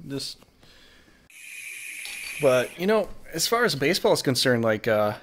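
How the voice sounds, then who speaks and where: A man's voice: medium pitch, big pitch swings, unhurried, a bit bright, a little hiss or hum. A man hosting a casual podcast chat, telling rambling stories with many fillers. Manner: rambling, filler-heavy storytelling. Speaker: podcast host.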